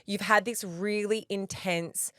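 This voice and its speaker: A woman's voice: mid-range voice, fairly even intonation, slow, a bit bright, no room sound, clean studio sound. A woman, co-hosting a podcast with wry, teasing remarks. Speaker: podcast co-host. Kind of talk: casual chat.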